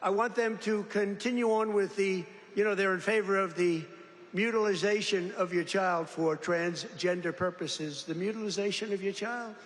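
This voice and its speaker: An older man speaks off the cuff at a political rally, his rather high voice rambling between boasts and mocking jabs. His voice carries a long reverb from the big venue, with a faint hum of background noise behind it. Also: fairly even intonation, moderate pace.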